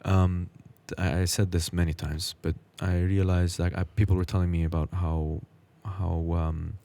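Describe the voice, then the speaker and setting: A podcast host in his thirties talks in a reflective, halting way, working through his thoughts aloud. He is a man with a very low, deep voice. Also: little pitch movement, creaky, mellow. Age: 30s. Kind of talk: casual conversation.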